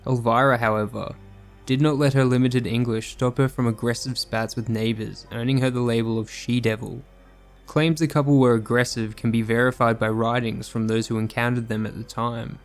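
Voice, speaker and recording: A man reading a scripted true crime narration in a measured, sombre manner. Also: mid-range voice, flat delivery, soft background music.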